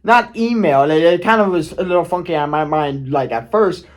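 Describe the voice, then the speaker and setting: A YouTuber with a fairly high voice speaks at normal speed, telling a personal story on his channel in a casual vlog. He rambles, restarts, swears, and keeps checking in with "okay?"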